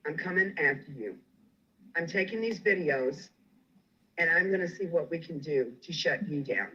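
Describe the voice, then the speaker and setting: A man's voice: a little high, animated, a little slow, long pauses, sharp tone, breathy edge, dull audio. A man furiously ranting on a livestream, swearing and making threats. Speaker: guest on a livestream. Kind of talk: angry livestream rant.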